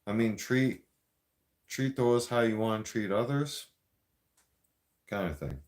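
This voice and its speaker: Slow-talking man ranting on a live stream. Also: fairly low pitch, lively intonation, darkish tone. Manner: confrontational, addresses viewers directly, rambling with restarts. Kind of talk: casual live-stream rant to viewers.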